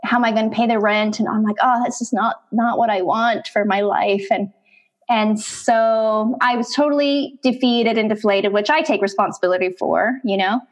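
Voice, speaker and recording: A middle-aged woman, an interview guest, telling her life story in conversation, animated and acting out bits of past dialogue. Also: on the high side, normal speed.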